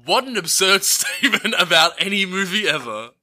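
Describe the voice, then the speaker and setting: A man co-hosting a podcast in casual chat, playful and quick to laugh as he reads out facts and reviews. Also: high voice, big pitch swings, sharp tone. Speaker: podcast co-host.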